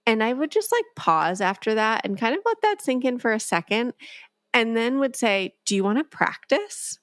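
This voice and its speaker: A woman guest and emotional development expert, speaking in a calm, measured way on a podcast interview, with a gentle tone when she quotes herself talking to a child. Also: on the high side, no echo.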